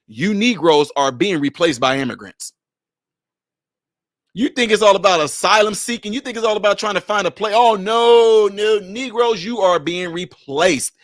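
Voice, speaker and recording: Sharp, high-voiced man ranting sarcastically. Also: no room sound, studio quality. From Chicago area. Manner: sarcastic, scolding, repeats rhetorical questions. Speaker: commentator. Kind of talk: confrontational commentary rant.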